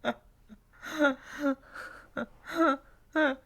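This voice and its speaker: A woman's voice: sits high, drawn-out words, fairly bright tone. A woman streamer chatting casually with her viewers, handing out teasing, mock-insulting advice and laughing often. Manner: admits she is bad at whispering. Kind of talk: casual livestream chat.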